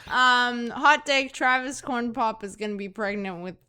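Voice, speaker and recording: A young woman chatting casually as a podcast co-host, her voice bright and clean, a little higher than most. She rambles, stops and starts, and fills gaps with "um" and "like.". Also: smooth. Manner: rambling, halting with many fillers and restarts. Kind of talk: casual chat.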